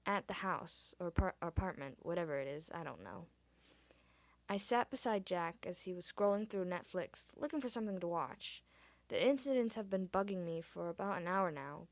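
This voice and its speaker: A woman reading her fan fiction aloud, expressive, dropping in her own asides. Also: fairly low pitch, moderate pace, no room sound. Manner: expressive, adds asides and swears in reaction. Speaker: reader.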